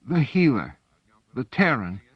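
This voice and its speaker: An injured woman prisoner and informer, guarded and calculating, dizzy and in pain, as a male narrator puts her on a few steps above his own pitch. She forces her words out in strained gasps, and the dull, dry recording keeps it close and muffled. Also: big pitch swings, unhurried, slightly rough, dry recording. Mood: gasping.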